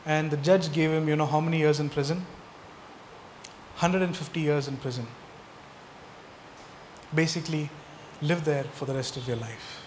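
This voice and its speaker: A pastor delivers a sermon full of emphatic rhetorical questions, his slightly high voice fairly even in intonation, at a moderate pace with frequent pauses. Long reverb implies a large hall, and there's faint underlying noise.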